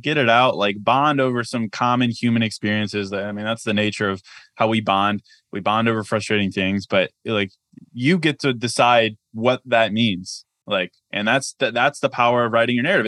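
A man's voice: fairly low pitch, a bit bright, no room sound, clean studio sound. A man talking as an author and guest on a podcast, reflective and practical, often saying "like" and "I mean". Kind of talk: conversational podcast interview.

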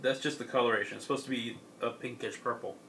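A young man casually recapping a story, with many fillers and laughs along the way. His voice is bright and forward, at an ordinary pitch. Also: steady tone, fast talker, a little hiss or hum. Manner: rambling, filler-heavy, laughs often. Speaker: podcast co-host. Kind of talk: casual chat, recapping a comic.

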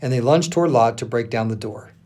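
A male pastor reading scripture aloud with earnest, expressive emphasis. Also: medium pitch, fast talker.

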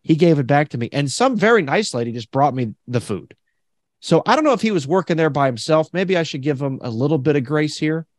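A man's voice: fairly high pitch, expressive, fairly quick, no echo, studio quality. A man hosting a podcast in casual chat, telling stories animatedly and acting out other people's lines. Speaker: podcast host.

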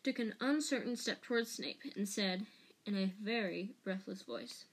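A woman reading a novel aloud as an audiobook narrator, slow and careful, with small restarts. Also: medium pitch. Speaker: audiobook reader.

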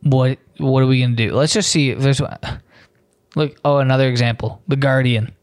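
A man's voice: medium pitch, steady tone, normal speed, dry recording, clean studio sound. A young man hosting a solo comedy podcast, ranting in a sarcastic, profane, rambling way.

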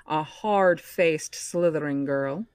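A woman hosting a book club podcast, reading a novel aloud in a measured, expressive way. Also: deep voice, clean tone, no room sound, clean studio sound.

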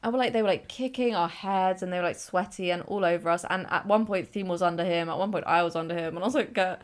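A woman's voice: on the low side, quick pace. A young woman hosting a casual podcast with her sister, telling stories and acting out quotes. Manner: chatty storyteller, acts out quotes, laughs often. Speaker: podcast host.

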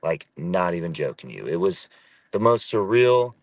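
A man's voice: deep voice, sing-song, moderate pace, dry recording. A man talking as a podcast guest over a call from his car, laid-back and profane, saying "bro" and "dude" constantly. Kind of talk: casual conversation. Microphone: remote call.

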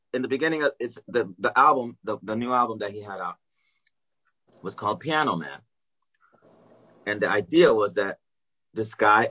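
A man telling a long story in casual chat, animated and swearing freely. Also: fairly low pitch, husky. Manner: animated, swears freely, acts out quoted dialogue.

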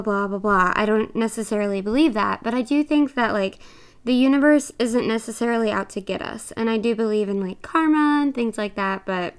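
Young woman podcaster rambling casually, smooth clear voice, bit breathless. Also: fairly high pitch. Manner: chatty and earnest, many fillers. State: a little out of breath. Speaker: podcast co-host.

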